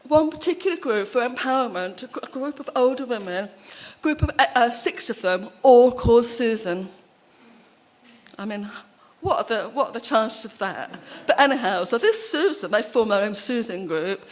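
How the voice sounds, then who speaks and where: A woman speaking at a conference, telling personal anecdotes in a chatty, animated way with many asides. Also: a little high, moderate pace.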